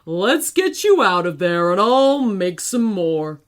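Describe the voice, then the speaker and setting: A woman voicing a huge, bearded male giant in a bedtime storybook, speaking in a booming voice with slow, sing-song rhymes. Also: sing-song. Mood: gruff chatty. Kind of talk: storybook voice acting.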